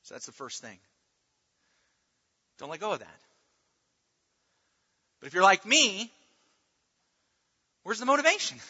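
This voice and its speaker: A man preaching with a high, very bright voice, earnest and halting as he repeats his words. His voice rings with a long reverb, and the sound is dull and lo-fi. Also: wildly swooping pitch, husky. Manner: earnest, restarts words, dips to near-murmur at times. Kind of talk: sermon.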